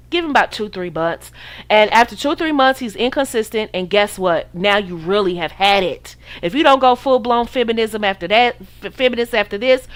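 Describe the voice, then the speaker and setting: A woman from the United States hosting a podcast, giving casual dating advice in a preachy, sassy way and acting out her listeners' voices. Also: mid-range voice. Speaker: podcast host.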